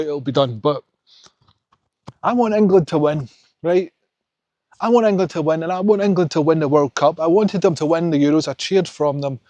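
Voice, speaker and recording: A man's voice: on the high side, a little mellow, no room sound, dull audio. A young Scottish man chatting as he hikes outdoors in the mountains, rambling and opinionated. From Scotland. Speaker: hiking vlogger. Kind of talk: casual vlog chat on a walk.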